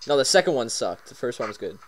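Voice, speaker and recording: A man's voice: medium pitch, very animated, quick pace, noisy background. A young man from Canada hosting a casual chat show, giggling and hesitating with lots of fillers. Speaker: podcast host.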